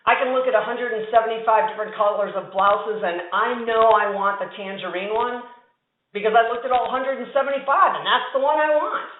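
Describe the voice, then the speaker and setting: A woman's voice: on the high side, fairly quick. A woman giving a conversational keynote talk to a conference audience, telling a story with emphatic asides. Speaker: conference speaker. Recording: tinny, echoey hall sound.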